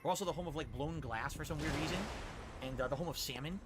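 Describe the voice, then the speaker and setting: A man streaming live, answering chat questions with quick, opinionated rants. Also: on the high side, background noise. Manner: rapid, opinionated ranting. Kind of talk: livestream chat reply.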